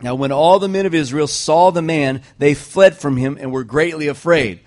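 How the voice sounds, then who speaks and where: A man preaching to a congregation, retelling a scripture story with lively joking asides. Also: on the high side, normal speed.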